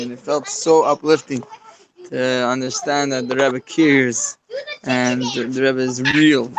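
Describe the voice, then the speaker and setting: A man's voice: medium pitch, fairly bright tone, slight background noise, low-quality recording. A man on a group video call sharing earnestly in long run-on sentences. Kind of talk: heartfelt casual sharing.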